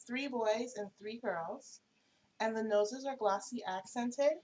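A woman's voice: mid-range voice, a little hiss or hum, poor audio. A woman hosting a casual craft tutorial, showing her pieces in a chatty, homey way and correcting herself as she goes.

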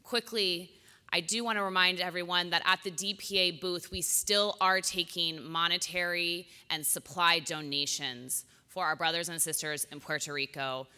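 An earnest, energetic woman introduces a conference panel into a microphone. Her voice is bright and smooth. A long hall reverb trails behind every phrase. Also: on the low side, normal speed. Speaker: panel moderator.

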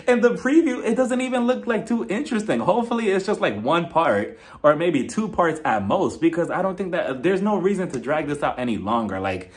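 A gossipy young man chatting through a reality TV recap in a higher-than-usual voice. His pitch swings up and down as he laughs and mimics the cast in quick asides. The feel is a casual solo vlog. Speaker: TV recap reviewer.

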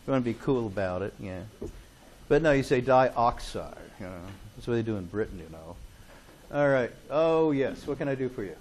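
A man's voice: lowish voice, lively intonation, brisk, a little mellow, a little hiss or hum. A man lecturing a chemistry class in a classroom, chatty and joking, often checking in with "okay?". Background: students in class.

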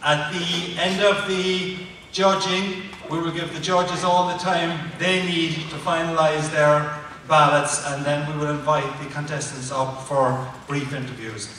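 A man's voice: a little high, fairly even intonation, a little slow, bright, forceful tone, slight background noise. Joking Irish man hosting on stage. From Ireland. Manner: joking and chatty, then orderly instructions. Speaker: contest toastmaster. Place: large hall. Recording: echoey hall recorded from far off.

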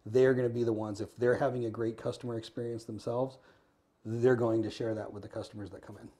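An American man telling a story in an interview, earnest and quick, acting out the lines of the people in it. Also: mid-range voice, level tone, dark tone. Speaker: podcast guest.

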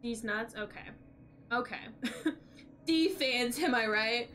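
High-voiced playful woman streamer. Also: expressive, takes it slowly, long pauses, a bit bright, slight background noise. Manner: playful, chatty, greets viewers. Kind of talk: casual live-stream chat while gaming.

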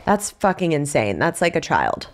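Low-voiced young woman hosting a podcast. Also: huge pitch swings, normal speed. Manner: casual, swears freely, laughs often. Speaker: podcast host. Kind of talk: casual podcast conversation.

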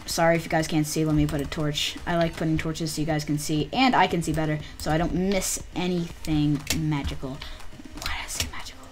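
A woman giving casual gameplay commentary, muttering to herself with excitable outbursts. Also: low voice, fairly quick, background noise. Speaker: gamer.

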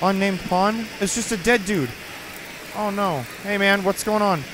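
A man's voice: sits high, measured pace, background noise. A young man hosting a gaming video, giving jumpy, swearing let's play commentary while talking to himself and his viewers. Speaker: gaming channel host.

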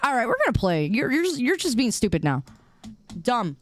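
A woman's voice: on the high side, sing-song, fairly quick, slight background noise. A young woman streamer chatting casually with her viewers, bantering playfully and teasing back with mock defensiveness.

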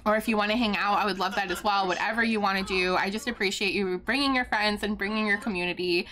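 A woman streaming a life-simulation game live, chatting excitably with her viewers and laughing often. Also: mid-range voice, fast talker, slight background noise. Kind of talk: live gameplay commentary.

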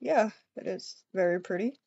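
A woman voicing an affectionate young adult boyfriend in a game role-play, talking softly and doting. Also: medium pitch, moderate pace, creaky, slightly rough, no room sound, dull audio, voice pushed down. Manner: soft, doting, calls partner baby.

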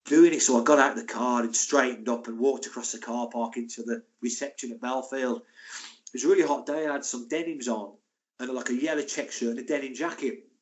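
A man, a former footballer and physio telling anecdotes in an interview, lively and acting out what people said. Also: mid-range voice, fairly quick, slight background noise. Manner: animated, acts out quoted voices.

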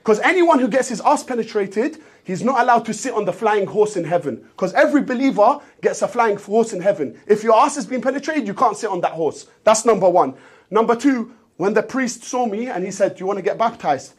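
Guy, high husky voice, animated comic storyteller. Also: brisk. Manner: animated, repetitive, bursts into shouting. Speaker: streamer in a therapy skit.

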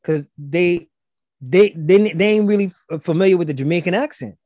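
A man with a Gullah Geechee accent talks on a podcast, explaining things in a relaxed, rambling way. His voice sits fairly high for a man but sounds dark and mellow, recorded dry and close. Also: moderate pace, no room sound. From South Carolina, US. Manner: explanatory, loose and chatty, many fillers. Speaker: guest, language instructor. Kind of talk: casual podcast conversation.

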